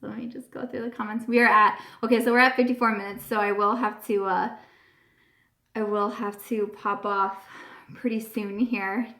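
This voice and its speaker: A woman's voice: mid-range voice, flat delivery, moderate pace, fairly bright tone. Gushing woman on a roomy live stream. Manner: gushing, earnest, repeats herself. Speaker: beauty YouTuber hosting a live chat. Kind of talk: casual live-stream chat. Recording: roomy echo.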